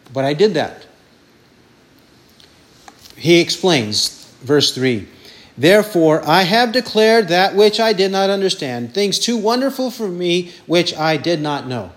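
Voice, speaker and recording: Male preacher, high voice, slow and emphatic delivery, piles up words for stress. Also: a bit bright. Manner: asks questions and answers them himself. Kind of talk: sermon.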